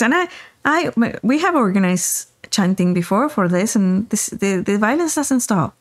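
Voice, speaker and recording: A woman with a medium-pitched voice speaks at a moderate pace. She's a spiritual teacher appearing as a guest, animatedly telling a story in conversation, acting out the quoted dialogue and repeatedly checking in with "right?".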